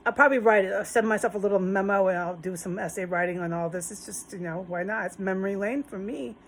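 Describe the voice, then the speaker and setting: A woman's voice: mid-range voice, quick pace, a little hiss or hum. A woman talking straight to her viewers in a rambling personal monologue, emotional and swearing often. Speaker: vlogger.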